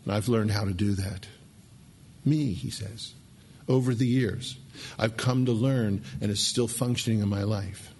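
A man's voice: fairly low pitch, steady tone, a little slow, a little mellow, husky. A middle-aged man preaching a sermon, emphatic, repeating key words and restarting phrases. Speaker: pastor.

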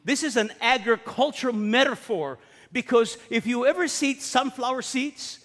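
High-voiced man preaching in a reverberant hall. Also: moderate pace, a bit bright. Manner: storytelling with humorous asides, repeating names for emphasis. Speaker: pastor. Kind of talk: sermon.

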